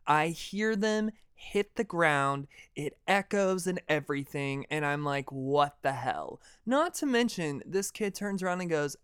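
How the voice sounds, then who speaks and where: A young man hosting a podcast, telling a personal story in a dramatic, animated way and swearing freely. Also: sits high, measured pace, hardly any pauses, clean tone, no room sound, clean studio sound. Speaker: podcast host. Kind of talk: casual storytelling monologue.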